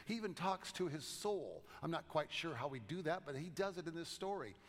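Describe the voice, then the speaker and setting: A man preaching a sermon as pastor, in a conversational way with gentle humor, in a church sanctuary. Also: a little high, animated, brisk. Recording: long reverb of a large church.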